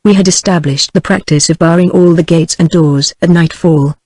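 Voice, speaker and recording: A text-to-speech woman's voice with a British English accent, reading a novel aloud in an even, steady narration. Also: fairly low pitch, normal speed, no echo.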